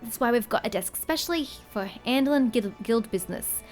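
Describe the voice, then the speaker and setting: A woman reading aloud as a hearty middle-aged male tavern keeper, with only a brief try at a rough accent. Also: a little high, lively intonation, brisk, faint music behind, lightly acted. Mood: storytelling.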